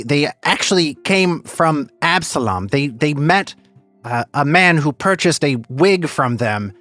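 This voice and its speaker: A man's voice: medium pitch, bright, forceful tone, no room sound. A man voicing a polite, earnest kobold baker who speaks formally and hesitantly.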